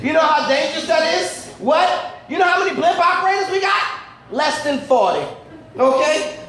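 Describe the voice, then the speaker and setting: A man's voice: very high voice, a bit bright, slight background noise. A man doing a profane, rambling stand-up comedy set in front of a live audience, breaking into mock-outraged rants. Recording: very echoey room mic.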